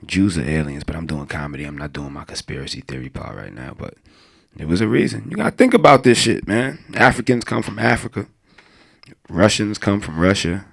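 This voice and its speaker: This young comedian's stand-up is crude and meandering, punctuated by laughter at his own jokes. He speaks a little fast in a sing-song way, his deep, low voice carrying a gravelly edge.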